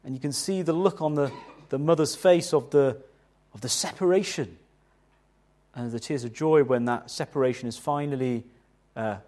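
A middle-aged man preaching a sermon in an animated, conversational way, asking the listeners rhetorical questions. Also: mid-range voice, normal speed. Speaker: pastor.

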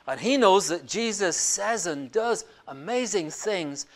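A preacher retelling a gospel story and drawing lessons for the listeners, swinging between loud and hushed. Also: mid-range voice, animated, measured pace. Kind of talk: sermon.

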